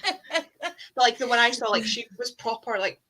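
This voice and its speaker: On a group video call, a booktuber chats casually and tells stories in an animated way, acting out her reactions. She has a fairly high-pitched voice and a moderate pace, and the audio is poor.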